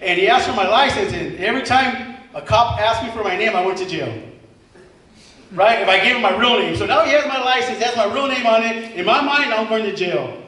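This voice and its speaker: A man's voice: high-pitched, brisk, sharp tone. A man in his forties giving an earnest personal testimony to a congregation, repeating himself and acting out quoted dialogue, recorded from a distance in a large church hall. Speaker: former member giving testimony. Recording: echoey hall from far off, faint hiss.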